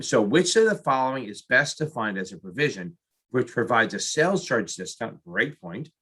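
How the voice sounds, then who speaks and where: A man's voice: mid-range voice, sharp tone, breathy edge. A middle-aged man tutoring for an exam, talking through practice questions aloud in a jokey, self-mocking way. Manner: jokey, self-mocking, talks to himself while solving.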